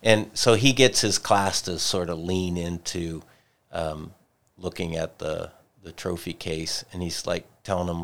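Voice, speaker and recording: A man's voice: low voice, fairly even intonation, measured pace, vocal fry, a bit bright. A man co-hosting a church discussion podcast, retelling a story in a thoughtful way and circling back to repeated questions. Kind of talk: reflective faith discussion.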